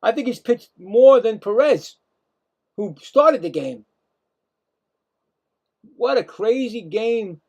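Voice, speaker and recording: A man calling live play-by-play as a stream host, excitable, ranting at calls and talking straight to his viewers. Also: extremely high pitch, slow, long pauses.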